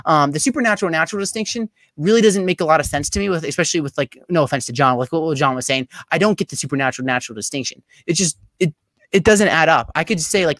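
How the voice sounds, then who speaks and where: A young man giving a debate closing statement over a video call, talking rapidly with many fillers and restarts. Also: on the high side, fairly bright tone, no echo. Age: young adult.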